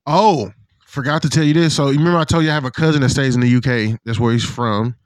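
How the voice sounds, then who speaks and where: A man in casual chat with a friend, an animated, profane storyteller who acts out what others said. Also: mid-range voice, quick pace, clean tone, no room sound. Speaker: podcast co-host.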